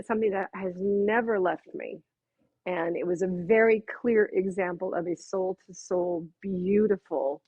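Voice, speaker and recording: A woman with a husky, breathy voice tells a personal story from her working life, heartfelt and animated whenever she quotes someone. Her voice comes through a narrow, tinny phone-like line. The sound is dry and close, with no room around it. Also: fairly low pitch, no echo. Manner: heartfelt, animated when quoting others. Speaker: makeup artist guest.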